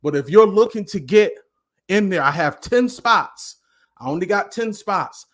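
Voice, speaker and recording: A man giving a passionate live motivational talk as a life coach, with a preaching cadence that at times turns loud. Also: high-pitched, lively intonation, a little slow.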